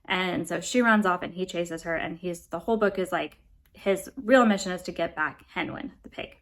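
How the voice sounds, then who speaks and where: A woman's voice: on the low side, moderate pace. Rambling American woman reviewing books. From United States. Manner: rambling and chatty, often apologetic. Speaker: book reviewer. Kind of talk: casual book review vlog.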